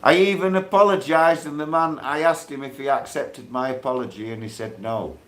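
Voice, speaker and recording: A man, hosting a casual livestream while in pain, rambling and quickly turning irate. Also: medium pitch. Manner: rambling, grows irate and loud when aggrieved. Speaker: livestreaming channel host.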